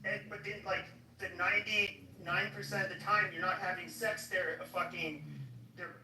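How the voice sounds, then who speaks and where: A man's voice: high-pitched, fairly even intonation, normal speed, pushed and bright. A man in a casual chat, talking bluntly and crudely, trailing off. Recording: echoey, distant, faint noise.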